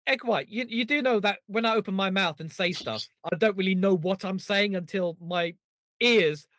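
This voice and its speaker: A man's voice: sits high, fairly bright tone, dry recording, clean studio sound. A man hosting a casual comedy podcast, rambling and joking, laughing at his own gags. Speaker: podcast host.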